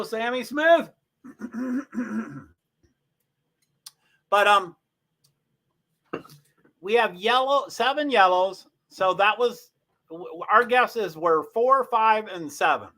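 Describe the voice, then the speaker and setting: The host of a casual livestream speaks in a high, bright, forceful voice. He chats with viewers while thinking aloud and reading race statistics off the screen.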